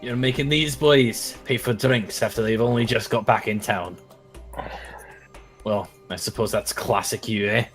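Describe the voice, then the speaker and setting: Guy doing a grumpy shouty dwarf innkeeper, low voice, faint music behind. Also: steady tone, measured pace. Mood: mocking. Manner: gruff, accusing, shouty.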